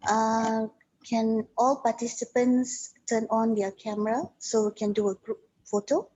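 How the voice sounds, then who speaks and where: A woman hosting an online webinar over a video call, moderating in a polite, brisk way. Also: a little high, little pitch movement, mellow, husky. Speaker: webinar host. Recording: dull lo-fi video call audio.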